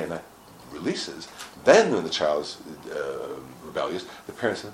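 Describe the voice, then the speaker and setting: A man with a very deep, gravelly voice, talking as a guest in a relaxed chat. His pitch swings widely as he acts out little scenes and swears without a second thought. The sound has an echoey room to it with faint hiss underneath. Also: normal speed. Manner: animated storyteller, acts out quotes, swears casually. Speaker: interview guest. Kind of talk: casual explanatory talk.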